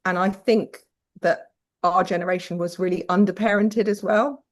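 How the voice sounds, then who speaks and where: A woman's voice: medium pitch, fairly even intonation, normal speed, a little hiss or hum. A British woman guest telling parenting stories frankly, swearing casually and acting out quoted voices. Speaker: podcast guest. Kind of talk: candid conversational storytelling.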